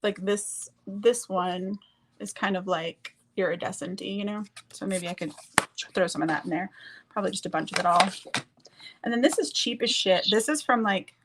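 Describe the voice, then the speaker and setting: A woman's voice: medium pitch, moderate pace, a little hiss or hum. A woman chatting casually and rambling as she does her makeup, swearing now and then. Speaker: streamer doing makeup on a group call. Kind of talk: casual chat.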